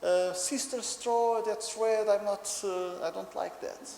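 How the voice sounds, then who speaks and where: Brief: man voicing a stubborn whiny toddler boy, Portuguese accent, high pitch, echoey lecture room. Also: fairly even intonation, creaky, warm tone, exaggerated voice. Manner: whiny, halting, childish. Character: upset three-year-old boy, stubborn and whiny.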